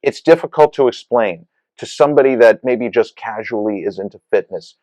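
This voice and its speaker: A man's voice: mid-range voice, a little fast, mellow, no room sound, low-quality recording. Rambling, reflective podcast man. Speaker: podcast co-host. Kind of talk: casual chat.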